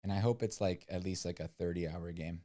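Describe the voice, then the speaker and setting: A man's voice: low voice, fairly even intonation, fairly quick, warm tone. A man co-hosting a casual livestream, talking in a rambling, skeptical way with lots of "like" and "um.". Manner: rambling and skeptical, many "like" and "um" fillers. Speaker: livestream co-host.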